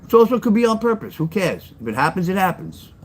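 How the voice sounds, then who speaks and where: An older New Yorker hosting a livestream chats loosely with viewers, reading their messages and telling blunt, rambling, repetitive stories. His voice is high-pitched, gravelly and quick with big pitch swings, and there's a little hiss or hum.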